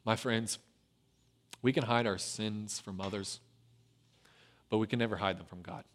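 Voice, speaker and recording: A man preaching a sermon and retelling a scripture story, swinging between lively emphasis and hushed, low passages. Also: a little slow. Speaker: pastor.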